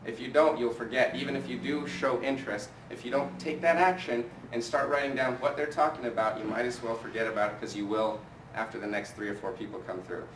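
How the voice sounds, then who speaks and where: Energetic man coaching a room. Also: mid-range voice, fairly quick, hardly any pauses, slight background noise. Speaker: sales trainer. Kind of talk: live training talk to a room. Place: training room, in front of a group. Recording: echoey room from a distance with faint ambience.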